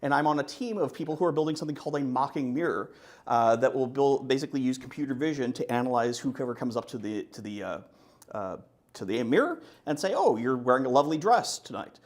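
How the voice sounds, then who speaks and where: A man giving a conference talk, joking and animated as he presents. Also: medium pitch, quick pace. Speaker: conference speaker.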